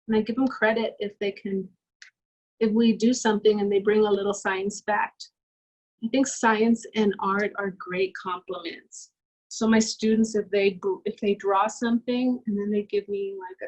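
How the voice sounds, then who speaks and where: A woman's voice: medium pitch, darkish tone, poor audio. A woman art instructor talking casually while she draws, musing aloud with fillers. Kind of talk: casual talk while drawing.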